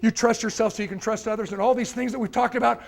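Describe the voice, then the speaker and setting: A man giving a motivational lecture to a live audience, telling an anecdote and acting out the people in it with lively changes of voice. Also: very high-pitched, fast talker, vocal fry. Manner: animated, acts out characters' voices. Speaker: motivational speaker. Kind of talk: storytelling keynote lecture.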